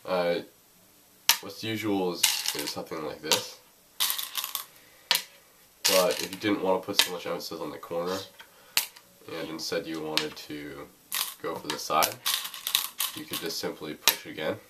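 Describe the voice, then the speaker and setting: Young male teacher, deep voice, casual and hesitant, slightly off-mic. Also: steady tone, normal speed, pauses often, distant mic. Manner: hesitant, many ums and uhs. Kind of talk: casual spoken lesson over a board. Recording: faint noise, voice a bit off-mic.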